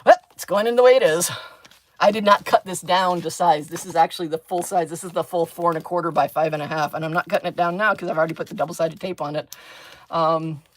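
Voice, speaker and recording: A woman's voice: on the low side, quick pace, rough recording. A middle-aged woman hosting a chatty crafting livestream, telling stories in a dry, sarcastic, talkative way. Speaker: craft channel host, former chemistry teacher.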